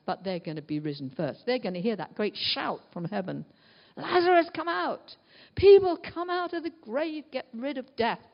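Woman preaching in an echoing hall. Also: on the high side. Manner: earnest, asks the congregation rhetorical questions. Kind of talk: sermon. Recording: dull long reverb of a large hall.

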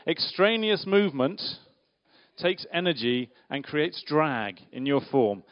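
A man's voice: a little high, sing-song, slow. A man giving an interactive church talk, playfully questioning the audience and directing a volunteer. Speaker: preacher giving a children's talk. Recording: dull lo-fi sound.

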